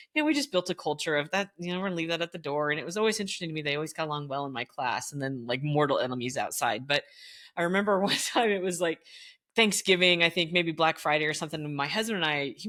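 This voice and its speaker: A middle-aged woman, a former teacher, telling stories as a podcast guest in an animated way, leaping up in pitch whenever she quotes someone. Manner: animated, jumps high in pitch when quoting others. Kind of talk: casual storytelling conversation.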